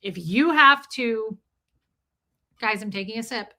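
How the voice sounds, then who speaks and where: A woman's voice: fairly high pitch, takes it slowly, sharp tone. A woman hosting a casual livestream, telling a personal story in a candid, emphatic way. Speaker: livestream host.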